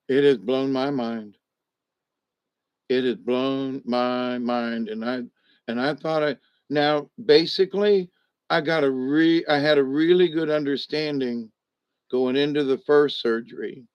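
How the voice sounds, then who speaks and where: Lying down to rest as he recovers at home, a vlogger who's slightly buzzed from steroids gives a cheerful, meandering video update full of false starts. His voice is a little high, unhurried, clear, and resonant; the audio is dull, lo-fi, and dry, with no room sound.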